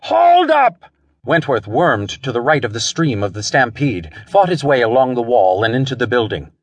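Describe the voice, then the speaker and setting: Guy reading a pulp thriller audiobook, husky voice, lots of swing in pitch, dry studio sound. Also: expressive, moderate pace, dry recording. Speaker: audiobook narrator. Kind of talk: scripted pulp-thriller narration.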